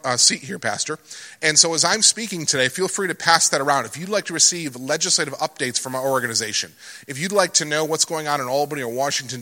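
A man's voice: fairly high pitch, bright, forceful tone. A middle-aged man speaking to a church congregation in a conversational, anecdotal way, with rhetorical questions. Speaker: Christian advocacy speaker at a church. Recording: long hall reverb.

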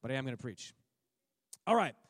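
A man's voice: medium pitch, sing-song, brisk, dry recording, clean studio sound. A middle-aged man speaking to a church as a missionary, telling a story with jokes and acting out what people said. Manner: joking storyteller, acts out his own and others' words. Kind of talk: sermon testimony.

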